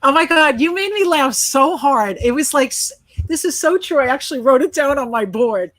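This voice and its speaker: A woman's voice: high-pitched, animated, normal speed, a bit bright, no echo. A woman from Brooklyn with a New York accent, hosting a casual interview and cheering her guest on. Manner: enthusiastic, affirming. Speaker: talk show host.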